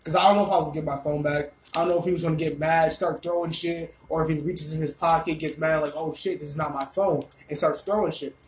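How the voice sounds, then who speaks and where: A young man telling a story casually, animated, rambling and full of swearing. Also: a little high, fast, hardly any pauses, roomy sound, slight background noise, low-quality recording.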